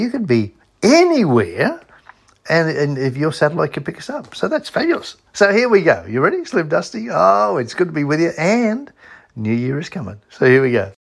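A man's voice: a little high, gravelly, breathy edge. A middle-aged Australian man hosting a radio show, chatting in a rambling, friendly way with plenty of fillers. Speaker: radio host. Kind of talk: casual radio chat.

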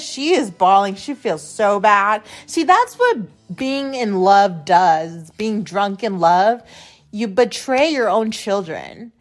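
Faint music plays behind a young adult woman with an expressive, mid-range voice, speaking slowly. As a podcast host she tells a personal story in a casual monologue that rambles, gets blunt and profane, and often repeats itself.

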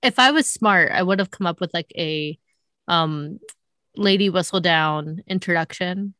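A chatty woman in her thirties hosts a podcast with an upbeat, bubbly delivery. Her voice sits a little low, smooth and clear, recorded close on a studio mic with a dry sound. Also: a little slow, sharp tone, no echo. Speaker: podcast host. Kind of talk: casual podcast chat with host-read ad.

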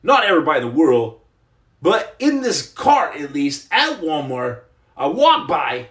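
A man's voice: sits high, sing-song, unhurried, echoey room. A man hosting a comedic livestream, reading viewer comments and rambling through jokes with stammered restarts. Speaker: livestream host.

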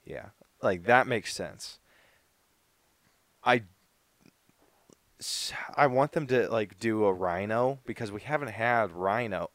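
Man, low voice, casual podcast chat, laid-back, dry sound. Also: slow, long pauses, fairly bright tone, no room sound. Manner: laid-back, lots of "like" and "dude". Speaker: podcast co-host.

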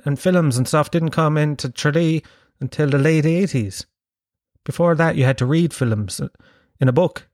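A man's voice: fairly high pitch, darkish tone, no room sound, studio quality. Self-mocking Irish man telling a story. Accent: Kerry Irish. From Ireland. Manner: rambling, self-mocking, swears freely. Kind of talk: storytelling monologue.

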